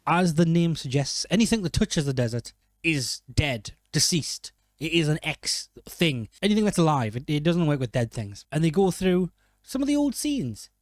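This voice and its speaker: A man's voice: fairly high pitch, big pitch swings, moderate pace, no room sound. A man giving casual film commentary, rambling and joking, often correcting himself mid-sentence. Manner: rambling, jokey, self-correcting. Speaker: film reviewer.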